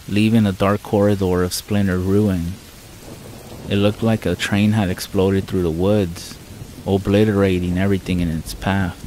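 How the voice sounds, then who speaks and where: A man reads a scripted horror story in the first person, measured and somber. His voice sits low with a flat, even melody. Soft rain patters faintly behind him. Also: a little hiss or hum, poor audio. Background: faint rain sounds.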